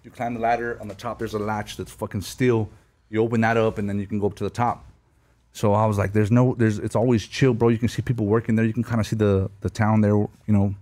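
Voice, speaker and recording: A man's voice: on the low side, little pitch movement, fast, a little mellow. A man in his thirties casually telling stories, heavy with slang and swearing, laughing as he goes. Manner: slangy, profane, storytelling with laughs. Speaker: guest telling war stories. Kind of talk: casual podcast chat.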